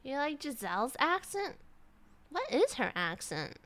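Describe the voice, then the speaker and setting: A woman's voice: high-pitched, huge pitch swings, measured pace, a bit bright. A young woman streamer chatting casually with her live chat, rambling with lots of "like" and restarts.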